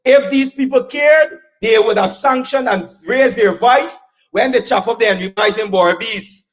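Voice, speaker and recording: A man's voice: extremely high pitch, a little slow. A man with a Guyanese accent giving a fiery campaign speech, repeating lines and calling out to the crowd for answers. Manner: emphatic, repeats lines, call-and-response with crowd. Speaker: political rally speaker.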